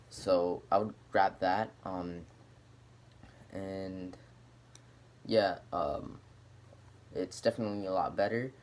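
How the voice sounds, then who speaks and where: A man's voice: deep voice, a little hiss or hum. A man casually showing off and explaining a homemade gadget, rambling with lots of filler words. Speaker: hobbyist demonstrating a homemade gadget. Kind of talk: casual show-and-tell video.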